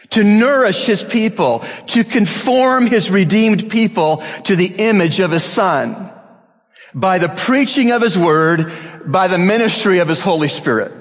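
Pastor guy preaching hard, kinda high voice, big echoey hall, lots of repeated lines. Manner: emphatic, rhythmic repetition, rising to intensity then dropping low. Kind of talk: sermon.

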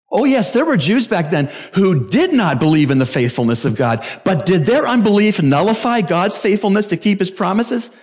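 A middle-aged male pastor preaching a sermon emphatically, jumping to sudden high exclamations. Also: a little mellow.

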